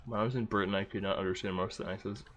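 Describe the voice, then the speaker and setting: A man's voice: on the low side, fairly even intonation, very fast, fairly bright tone, slight background noise. A man streaming a game, rambling casually between gameplay remarks and answers to chat, often distracted and swearing.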